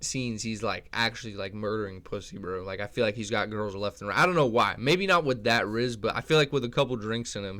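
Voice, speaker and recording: A young channel host with a fairly low, slightly bright voice rambles through casual commentary. He swears a lot and keeps restarting his sentences.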